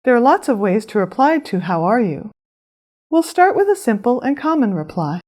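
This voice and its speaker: A woman narrates a scripted language lesson in a higher voice that moves a lot in pitch. She explains each phrase clearly and pronounces it with care. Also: sing-song, a little mellow. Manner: clear, measured instruction with careful pronunciation. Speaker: language teacher.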